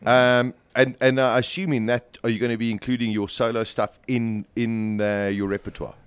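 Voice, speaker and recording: Radio host guy, mid-pitched, gushing and rambly, dry studio mic. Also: little pitch movement, moderate pace, clear, resonant tone, dry recording. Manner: enthusiastic, rambling questions. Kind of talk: radio interview.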